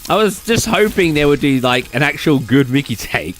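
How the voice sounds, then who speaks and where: A man's voice: on the high side, sing-song, moderate pace, a bit bright, soft background music. A young British man chatting casually with viewers on a late-night stream, rambling with lots of fillers and restarts and reading chat aloud.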